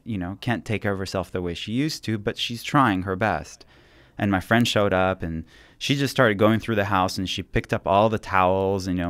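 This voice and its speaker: Man, very low voice, dry close recording, earnest reflective storyteller, radio interview guest. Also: no room sound. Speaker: author guest.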